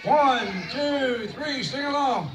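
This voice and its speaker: A man's voice: very high-pitched, slow pace, over loud music. A man chatting folksily as he leads a crowd sing-along at an outdoor camp event, putting on a bit of a cowboy twang. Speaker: song leader at a camp event. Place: outdoor camp arena with stands. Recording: echoey, distant, crowd and noise.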